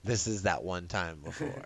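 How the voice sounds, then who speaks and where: A man co-hosting a podcast in casual chat, animated, laughing and often restarting his sentences. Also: deep voice. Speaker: podcast co-host.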